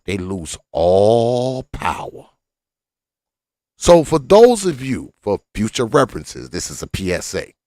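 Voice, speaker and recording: A man hosting a reaction show, talking slowly and deliberately with a pitch that rises and falls a lot. His commentary is crude and profane, full of mockery. The sound is close and dry, with no room around it. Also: big pitch swings, darkish tone, no room sound. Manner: acts out other voices in quick asides. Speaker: host.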